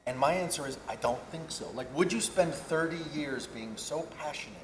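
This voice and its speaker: A man in his fifties spins animated, wandering anecdotes as a panel guest at a convention. His voice carries an echo from a large hall, with a faint murmur of ambience behind it. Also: fairly high pitch, normal speed, a little hiss or hum. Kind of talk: storytelling on stage.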